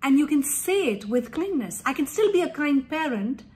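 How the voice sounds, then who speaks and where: A woman's voice: high voice, sing-song, moderate pace, a little mellow. A woman parenting coach giving earnest, emphatic advice to parents in an instructive talk.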